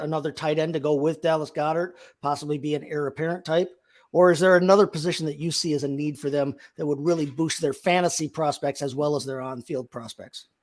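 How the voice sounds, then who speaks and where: A man with a fairly high voice hosting a casual sports chat. He keeps the talk moving, tossing questions to his guests and adding his own energetic takes. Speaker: show host.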